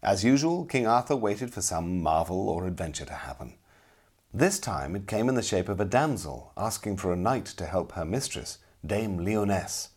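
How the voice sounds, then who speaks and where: Husky-voiced male storybook narrator. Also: low voice. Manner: expressive, dramatic storytelling.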